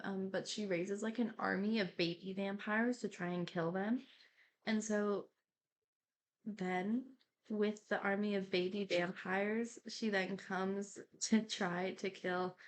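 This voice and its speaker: A young woman doing quiet ASMR rambling in a casual, giggly way, full of fillers. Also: mid-range voice. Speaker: YouTuber.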